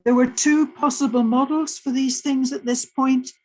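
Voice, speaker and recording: A woman's voice: sits high, fairly even intonation, moderate pace, a little mellow, rough recording. An older woman astrophysicist giving a lecture, telling the story in a vivid present tense and explaining plainly. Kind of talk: lecture told as a personal story.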